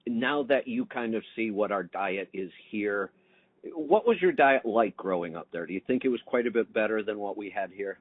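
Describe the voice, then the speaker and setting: A man's voice: on the low side, lively intonation, normal speed, no echo. A middle-aged man hosting a casual interview, asking questions and sharing opinions in a conversational way. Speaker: podcast host. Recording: tinny phone-line audio.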